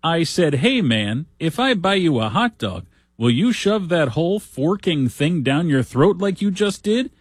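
A man voicing an amazed male ballpark fan, husky, raised and pushy, dry close sound. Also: on the high side, very animated, a little slow, few pauses, dry recording, pitched above the performer's own voice, heavily acted.

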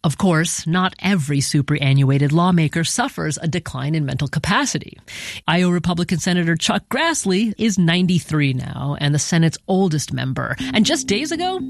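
A woman hosting a radio program, narrating a scripted news segment in a measured, deliberate way. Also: low-pitched, very animated, no echo, clean studio sound. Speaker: radio host. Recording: music bed behind voice.

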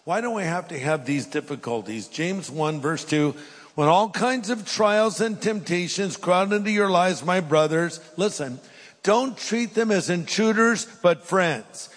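A man's voice: high voice, measured pace, big-room sound. A middle-aged man preaching a sermon, reading scripture aloud and then pressing his points with emphasis. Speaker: pastor.

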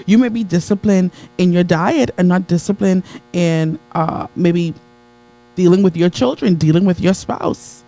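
Speaking a little slowly, a man gives a motivational sermon to a live crowd, layering repetition and call-and-response. His voice ranges from soft, low asides to high, excited peaks, and the audio is poor.

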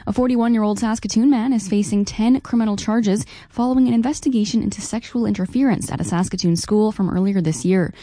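A woman reads the radio news in a brisk, even newsreader voice. Her tone is mellow and warm, and the studio sound is close and dry. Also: mid-range voice, no room sound. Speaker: news anchor.

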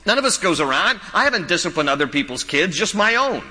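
A man preaching a sermon from a church, his fairly high, bright voice ringing with long reverb. He tells stories with lively animation and repeats his points for emphasis, sounding like a pastor at the pulpit. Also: fast. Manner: animated storytelling with laughs and quoted voices.

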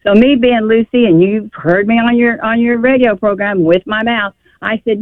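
A woman's voice: mid-range voice, a little fast, hardly any pauses, dry recording. An older woman calling a radio show, telling a family story in an emotional, rambling way. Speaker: caller. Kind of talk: call-in radio conversation. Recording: tinny phone line.

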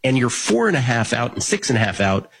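Animated husky-voiced man. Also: mid-range voice, fairly quick. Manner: animated, rambling with restarts. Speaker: sports betting show host. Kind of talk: casual sports talk.

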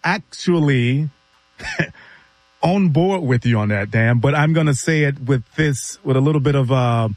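A man co-hosting a sports radio show, agreeable and quick to chuckle as he chats. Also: medium pitch, no echo. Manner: agreeable, chuckling back-and-forth. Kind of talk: casual sports talk.

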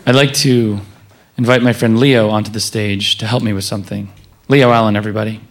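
A man's voice: on the low side, fairly even intonation, a little fast, background noise. A male stand-up comedian with a dry, hesitant, self-deprecating delivery.

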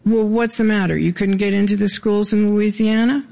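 A man puts on a sly older governor, needling with mock sympathy. The voice sits high for a man and grinds with heavy gravel. The figure is heard inside a live storytelling reading. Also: steady tone, normal speed, darkish tone. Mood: teasing. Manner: sardonic, teasing. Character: wry older male state governor.

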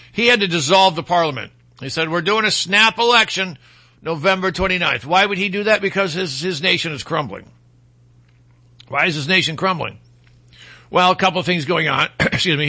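Bright, high-voiced Michigan talk host. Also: male voice. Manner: rambling, opinionated, folksy asides. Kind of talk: casual political talk show.

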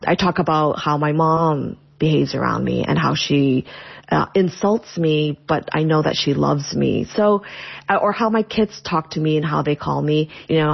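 Low gravelly woman comic chatting fast, laughing, kinda muffled audio. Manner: animated, laughs often, quick. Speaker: comedian and content creator. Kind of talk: casual interview answers.

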